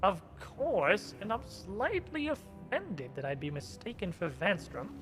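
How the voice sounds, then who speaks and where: A scheming male vampire lord with a low, menacing voice, drenched in reverb, as a man puts him on. He speaks slowly and coolly, full of condescension, with a faint game score behind him. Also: huge pitch swings, music in the background, full character voice. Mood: haughty. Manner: slow, cool and condescending.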